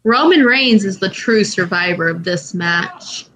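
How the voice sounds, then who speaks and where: A woman doing a quick, self-mocking impression of a gruff older male company boss, giving short commands. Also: mid-range voice, big pitch swings, a bit bright, slight background noise, low-quality recording. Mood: commanding.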